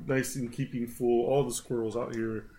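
A man's voice: medium pitch, level tone, normal speed, warm tone. A man chiming in as co-host beside his wife on a casual podcast, dropping wry interjections.

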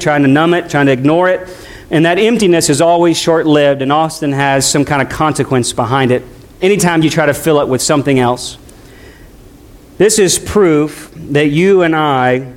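A middle-aged man, a pastor, preaching a sermon in a conversational way, speeding up and slowing down as he tells a story. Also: fairly high pitch. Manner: conversational preaching with shifting pace.

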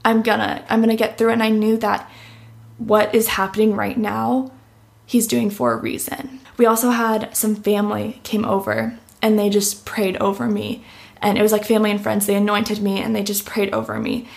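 A woman's voice: medium pitch, moderate pace, vocal fry. A young woman giving a heartfelt personal testimony in an interview, with lots of "like" fillers. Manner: heartfelt, uses "like" often. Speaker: interview guest.

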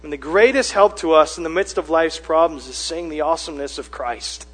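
A male pastor preaching a sermon, conversational at first and then building to loud, emphatic repetition. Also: a little high, brisk, breathy edge. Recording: long hall reverb with mains hum.

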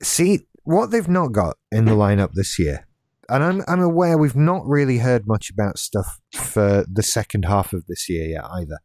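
This podcast co-host, a man in his late thirties, has a fairly low, darkish voice and sounds very animated at normal speed. He rambles casually in a relaxed manner, restarting sentences and tossing in wry asides. The audio is studio quality with no echo.

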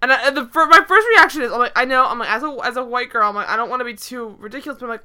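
Talking very fast with few pauses, a woman with a fairly high, pushed and bright voice co-hosts a podcast. She chats casually about a TV episode in a rambling way, packed with "like" and repeated restarts.

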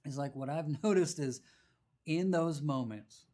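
A man hosting a casual faith conversation, telling animated stories with preacherly emphasis. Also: a little high, measured pace.

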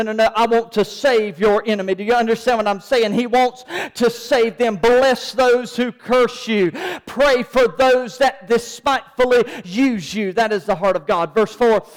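A man preaching a sermon, asking his congregation rhetorical questions. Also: extremely high pitch. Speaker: pastor. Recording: long hall reverb.

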